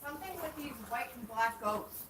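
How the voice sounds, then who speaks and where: Woman helping out in the barn, high voice, teasing the animals, lots of noise around. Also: animated, fairly quick, a bit bright. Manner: offhand, teasing remarks about the animals. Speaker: farm co-host helping with chores. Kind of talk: casual chat while doing farm chores. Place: farm barn with animal pens. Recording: noisy barn live stream.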